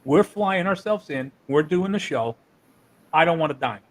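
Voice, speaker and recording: Man, fairly high voice, husky, profane, animated storyteller, from New Jersey, promoter interview. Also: moderate pace, poor audio. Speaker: wrestling promoter.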